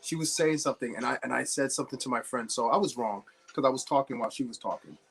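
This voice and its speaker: A man's voice: medium pitch, fast, gravelly, breathy edge. A young man from New Jersey hosting a casual livestream, chatting with viewers and telling rambling stories while he builds. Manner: rambling anecdotal storyteller, chats with viewers. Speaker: livestream host.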